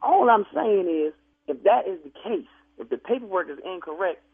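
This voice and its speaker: A man's voice: high voice, expressive, normal speed, slightly rough. A man working at a funeral home, arguing defensively on the phone and stammering as he pushes back. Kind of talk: heated phone argument. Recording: tinny phone line.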